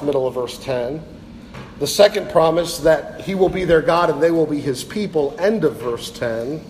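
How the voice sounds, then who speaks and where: High-voiced man preaching in a reverberant hall. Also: darkish tone, a little hiss or hum. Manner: earnest, building to emphatic repetition. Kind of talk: sermon. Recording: reverberant hall, faint ambience.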